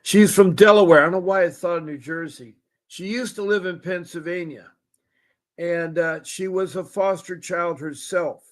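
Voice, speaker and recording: A man's voice: high voice, steady tone, moderate pace. A man hosting a call-in show, talking in a rambling, folksy way and repeating himself. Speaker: show host. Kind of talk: casual call-in show talk.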